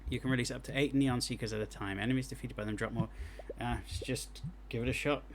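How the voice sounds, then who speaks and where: A man giving live gameplay commentary as he streams and reviews game jam entries, excitable and thinking aloud as he plays. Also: mid-range voice, quick pace, background noise. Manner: excitable, talks to himself while playing.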